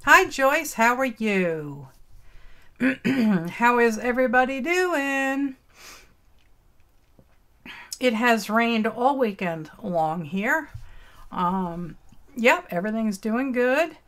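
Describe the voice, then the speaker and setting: A woman's voice: a little high, lively intonation, drawn-out words, pauses often, a bit bright. A woman hosting a casual craft live stream, greeting chat viewers with affectionate pet names and folksy, old-fashioned exclamations.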